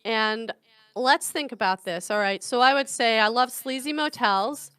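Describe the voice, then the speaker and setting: A woman's voice: medium pitch, fairly bright tone, clear, resonant tone, no room sound. A middle-aged woman hosting a comedy podcast, talking frankly and chattily in a casual monologue and laughing often. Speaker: podcast host.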